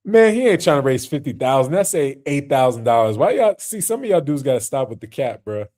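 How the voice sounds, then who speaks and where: A man's voice: mid-range voice, big pitch swings, brisk, darkish tone. A man hosting a casual reaction stream, talking loosely with lots of slang and fillers and laughing often.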